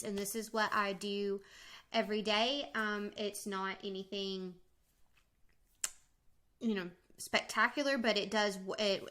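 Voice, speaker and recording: Woman, young adult, casual budgeting walkthrough, relaxed, filler-heavy, chatty, snacking. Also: mid-range voice. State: eating snacks while talking. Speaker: vlogger.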